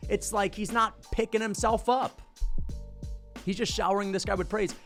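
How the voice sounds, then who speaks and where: Excitable, profane man giving MMA commentary. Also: high-pitched, moderate pace, soft background music. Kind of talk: casual commentary.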